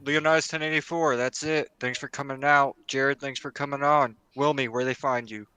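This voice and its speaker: A man on a casual gaming podcast, tossing out quick teasing jabs. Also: medium pitch, fairly even intonation, sharp tone, smooth, no room sound.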